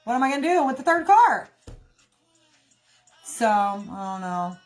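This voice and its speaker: A young woman with a slightly high voice talks in a loose, rambling monologue, calling her listeners "y'all" as she vents with plain indignation. Faint music plays underneath her. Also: big pitch swings, a little slow. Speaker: livestream host. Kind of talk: candid casual monologue.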